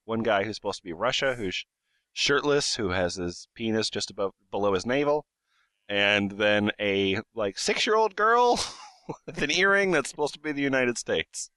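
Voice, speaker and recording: A man's voice: fairly low pitch, lively intonation, normal speed, sharp tone, smooth, no echo. A young man hosting a comedy podcast, rambling and giggly, with lots of fillers. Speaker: host. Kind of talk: casual comedy podcast chat.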